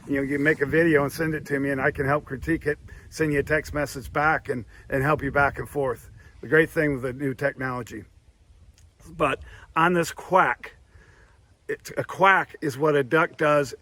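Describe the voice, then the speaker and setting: A man's voice: on the high side, a bit bright, poor audio. A man teaching duck calling in a plainspoken instructional manner, often repeating himself as he explains. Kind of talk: instructional demonstration.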